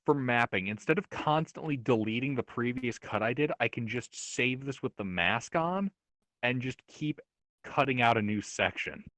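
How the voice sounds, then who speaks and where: A man's voice: mid-range voice, lively intonation, normal speed, fairly bright tone, no echo. A man running a tabletop game as dungeon master, casual and laughing as he describes scenes.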